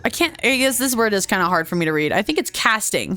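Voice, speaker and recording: A woman's voice: medium pitch, very animated, fast, hardly any pauses, pushed and bright, slight background noise. A woman giving casual, chatty gameplay commentary as a let's play host, self-deprecating and full of fillers.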